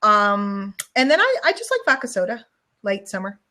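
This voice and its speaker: A woman's voice: mid-range voice, very animated, moderate pace, pushed and bright. A woman hosting a casual online show, chatting in a rambling, storytelling way over a video call. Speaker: show host.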